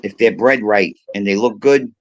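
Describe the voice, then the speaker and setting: A man's voice: on the low side, normal speed, muffled recording, a little hiss or hum. A man telling heated, profane stories in casual live-stream chat, a regular of the show. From Puerto Rico.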